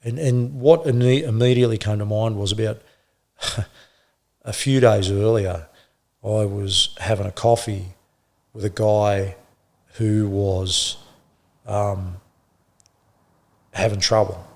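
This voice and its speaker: A middle-aged man, a former police officer, telling his story in an interview with blunt swearing and halting restarts. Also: fairly low pitch, steady tone, a little mellow. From Australia.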